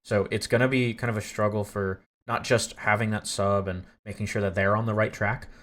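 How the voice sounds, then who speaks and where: Man, esports caster, lowish voice, rambling, filler-heavy live commentary. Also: fairly even intonation, a little fast, fairly bright tone. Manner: rambling, filler-heavy, flusters over tech trouble.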